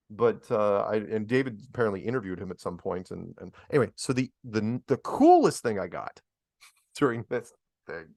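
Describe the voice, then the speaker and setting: Male host, casual rambling storyteller, very animated pitch, dry recording. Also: no room sound. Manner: rambling, chuckling storyteller with restarts; swears mildly, drawls "man" and "right?". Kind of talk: casual livestream chat.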